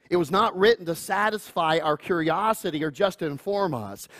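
Middle-aged pastor guy preaching, kinda high voice, earnest, jokes around and does family voices. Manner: earnest, animated preaching with asides and chuckles; acts out quoted family voices in higher pitch. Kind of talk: sermon.

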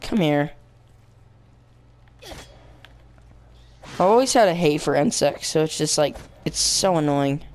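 A young man hosting a let's play, rambling with lots of fillers and bursting into yelling at the game. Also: fairly high pitch, animated, takes it slowly, long pauses. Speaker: gaming channel host.

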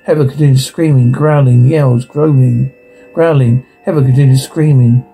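A man with a gravelly, mellow voice reads a horror episode's transcript aloud and lists its sound cues in a flat, even voice. Faint music plays quietly underneath. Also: mid-range voice, moderate pace, poor audio. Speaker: narrator.

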